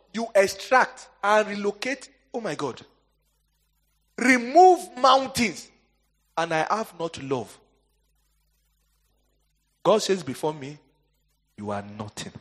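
A male pastor preaching a sermon. He leaves questions hanging for the congregation to answer and swings between soaring emphatic lines and quiet asides. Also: high-pitched, expressive, unhurried, pauses often, slightly rough.

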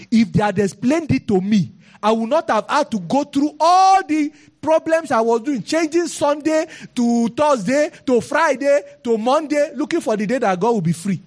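A man's voice: high voice, darkish tone. A man with a Nigerian accent preaching a sermon and telling his own testimony, acting out the people he quotes.

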